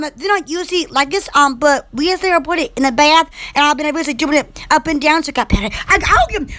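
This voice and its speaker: Woman livestream host, very high and bright-toned, giggly, rambling chatter to viewers at home. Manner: giggly, rambling, exclamatory, blows kisses to viewers. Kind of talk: casual live-stream chat.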